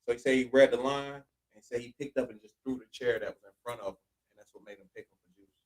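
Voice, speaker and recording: A man's voice: mid-range voice, fairly even intonation, fast talker, rough recording. A man hosting a casual podcast, telling stories in a laid-back way and talking straight to his listeners. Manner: laid-back storytelling, talks to listeners directly. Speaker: podcast host. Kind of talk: casual chat.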